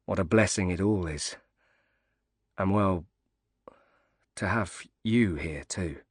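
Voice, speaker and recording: A grateful widowed father, as a male narrator reads him, soft-spoken and hesitant with quiet emotion. His voice is low and mellow, recorded dry and close. It sounds like a storybook thriller scene. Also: slow pace, slightly rough, no echo, full character voice. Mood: tender.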